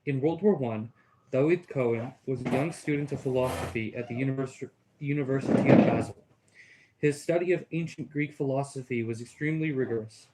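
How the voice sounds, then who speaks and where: A man with a Texas accent, a student reading a text aloud in class, steady with small stumbles. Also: mid-range voice, brisk, very noisy.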